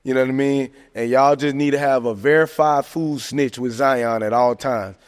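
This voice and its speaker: A man talking sports casually on a podcast, animated and joking, tossing in "man" and "hey, look" constantly. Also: medium pitch, moderate pace. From American South. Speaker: podcast host. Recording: long hall reverb.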